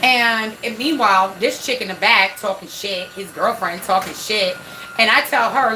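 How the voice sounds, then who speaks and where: A woman casually telling a story about her son, animated and swearing freely as she acts out what people said. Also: medium pitch, normal speed. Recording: echoey room with faint noise.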